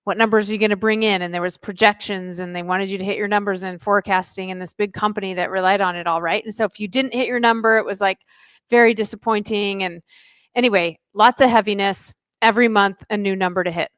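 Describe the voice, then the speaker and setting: A middle-aged woman, a life coach, telling a lively personal story as a podcast guest, acting out the dialogue. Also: mid-range voice, fast talker, clean tone, dry recording. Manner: chatty, animated storyteller who acts out dialogue. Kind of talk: casual interview storytelling.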